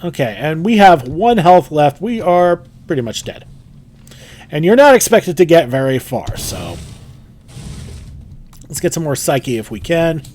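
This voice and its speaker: A man's voice: fairly high pitch, very animated, a little slow, long pauses, a little mellow, slight background noise. A middle-aged man hosting a gaming channel, giving upbeat, casual let's-play commentary with laughs.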